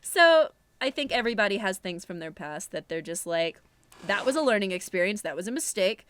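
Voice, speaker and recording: A woman's voice: mid-range voice, expressive, fairly quick, a bit bright, no echo. A young woman co-hosting a podcast, talking in a candid, reflective, casual way. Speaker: podcast co-host.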